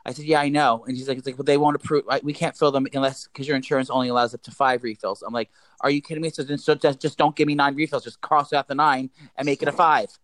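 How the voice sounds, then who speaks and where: Podcast co-host, New man, quick and animated, swears freely, dry close mic. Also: medium pitch, dry recording. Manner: rambling, profane, animated retelling. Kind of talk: casual storytelling chat.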